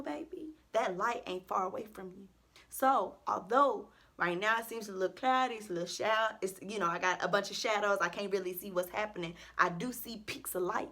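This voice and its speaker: A woman's voice: medium pitch, sharp tone. A woman in her early twenties, a college senior, venting earnestly and emotionally to her channel about faith and her future. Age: early 20s. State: close to tears at times. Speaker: vlogger. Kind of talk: casual heartfelt vent to camera.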